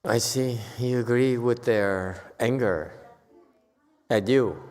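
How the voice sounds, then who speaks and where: A man giving a casual Buddhist talk to a group, with loud bursts when he acts out quoted lines. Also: mid-range voice, slow pace, long reverb tail. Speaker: Buddhist teacher. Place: temple hall.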